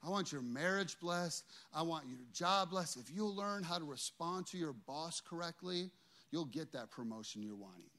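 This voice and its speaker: A man's voice: a little high, animated, moderate pace, bright, forceful tone. A man preaching a sermon who voices God as a patient, encouraging figure. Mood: reassuring.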